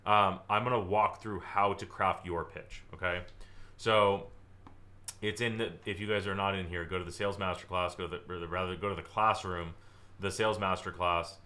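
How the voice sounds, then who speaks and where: Energetic man teaching sales, bright voice. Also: low voice, normal speed. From Southern California. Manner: energetic, acts out client dialogue, exaggerates for effect. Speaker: sales trainer. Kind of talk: live online training presentation.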